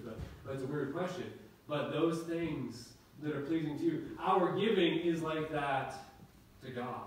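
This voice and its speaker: A man preaching a sermon to his congregation, conversational and warm in delivery, often restarting his phrases. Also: medium pitch, a little hiss or hum. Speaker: pastor. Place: church sanctuary. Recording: echoey hall from far off.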